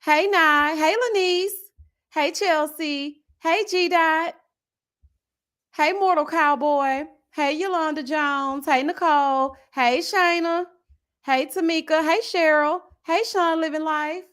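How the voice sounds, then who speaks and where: Sassy high-voiced woman chatting live. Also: unhurried. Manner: sassy, animated, greeting viewers by name. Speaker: reality TV reviewer hosting a live stream. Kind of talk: casual live-stream chat.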